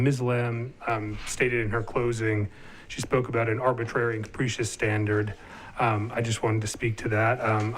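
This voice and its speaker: A man arguing a legal point at a licensing hearing, measured and punctuated with many ums. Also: mid-range voice, slight background noise. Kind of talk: formal legal argument.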